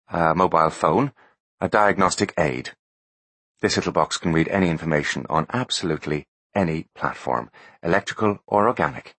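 Cool haughty teenage prodigy, clipped and precise, pitched well up, voiced by a man. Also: fairly bright tone, breathy edge, dry recording, full character voice. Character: arrogant genius teenage boy, cool and precise.

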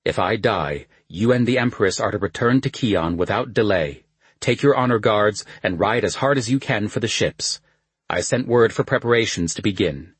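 A man's voice: lowish voice, animated, normal speed, husky, no echo. A man voicing a noble lord facing death, speaking soberly and steadily in an audiobook. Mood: grave. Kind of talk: audiobook character voice.

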